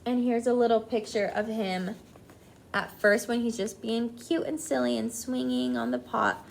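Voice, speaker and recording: A woman teacher reading a children's book aloud to her class, with expressive, animated delivery. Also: fairly high pitch, normal speed, creaky, a little hiss or hum.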